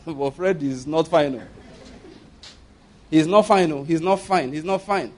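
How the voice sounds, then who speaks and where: A man's voice: fairly high pitch, normal speed, pauses often, a little mellow. A middle-aged man with a Nigerian accent preaching a sermon in a conversational, emphatic way, often repeating himself. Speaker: pastor.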